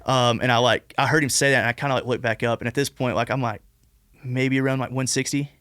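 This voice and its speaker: A man's voice: medium pitch, steady tone, fast talker, fairly bright tone, dry recording, clean studio sound. A man in his twenties, a podcast guest telling a long personal story in a casual, rambling way, full of "like" and restarts. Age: 20s. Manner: rambling, heavy use of "like" and restarts.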